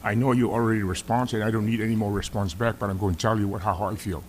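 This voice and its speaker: In a legislative chamber, a middle-aged senator with a Samoan accent sternly scolds an official during a formal hearing. His voice sits on the low side with a steady tone, he talks fast, and there is slight background noise.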